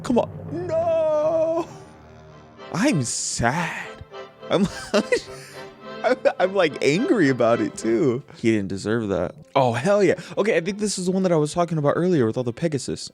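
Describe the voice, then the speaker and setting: Animated man reacting to a movie. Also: mid-range voice. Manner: animated, joking, lots of laughs. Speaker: reaction video host. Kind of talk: casual movie reaction commentary. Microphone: close studio mic.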